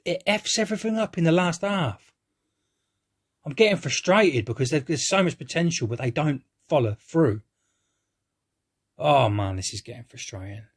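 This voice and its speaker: A man giving a rambling, hesitant live-reaction film review, who swears casually and keeps restarting his sentences. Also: mid-range voice.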